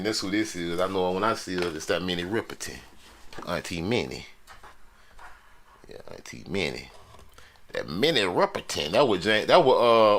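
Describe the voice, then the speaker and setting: Showing off his record collection, a man chats casually with his viewers in a loose, slangy, joking way, talking straight to the audience. His voice is fairly low and a bit bright, with crowd noise behind it.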